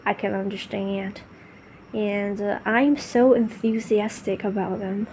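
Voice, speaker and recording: A woman's voice: medium pitch, fairly even intonation, slow, darkish tone, slight background noise. Gushing, rambling woman vlogger. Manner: gushing, enthusiastic, rambling with restarts. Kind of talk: casual monologue to camera.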